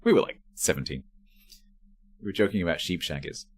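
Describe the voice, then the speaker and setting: A man's voice: deep voice, fairly quick, a little hiss or hum. A man chatting casually on a live stream at home while packing to move. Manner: rambling, chatty while sorting cables.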